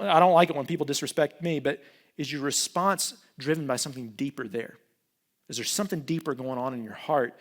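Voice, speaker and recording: A man preaching a sermon as pastor, talking in a casual, animated way and joking with the congregation. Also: on the high side. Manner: conversational, animated, jokes with the congregation.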